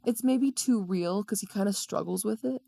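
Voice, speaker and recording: Gravelly-voiced Southern woman chatting. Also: mid-range voice, slow pace, warm tone, dry recording, clean studio sound. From American South. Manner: chatty, hedging with frequent "like". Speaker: podcast co-host. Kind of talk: casual film chat.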